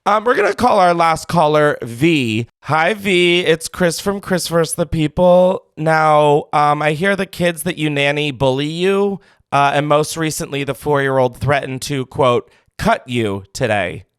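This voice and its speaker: A man's voice: fairly high pitch, measured pace, few pauses, a bit bright, clean tone, no echo, clean studio sound. A man hosting a call-in show, reacting to callers in a dramatic, campy way. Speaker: podcast host taking calls. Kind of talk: casual call-in chat.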